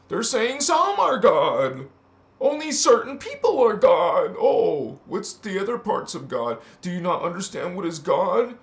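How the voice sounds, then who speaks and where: A man preaching in an impassioned, casual spiritual talk, calling his listeners honey and breaking into chanted syllables. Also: fairly high pitch. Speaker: spiritual channel host. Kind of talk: spiritual livestream sermon.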